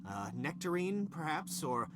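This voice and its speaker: A short-fused, sarcastic lab boss. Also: male voice, fairly high pitch, sing-song, unhurried, noisy background. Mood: sheepish. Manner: snapping, sarcastic insults, then stiff apologies. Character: irritable middle-aged male lab boss, hungry and short-tempered. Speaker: senior scientist.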